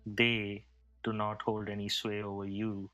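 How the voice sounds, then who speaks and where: A man's voice: fairly low pitch, monotone, measured pace, sharp tone. A man playing a loyal desert warrior envoy in a tabletop game, speaking formally and solemnly.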